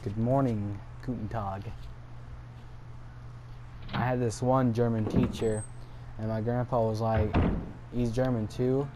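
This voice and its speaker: A young man records let's-play commentary late at night at home. His pitch is medium and he goes slowly, leaving long pauses. Exasperated, he swears and laughs at his own mistakes over steady background noise.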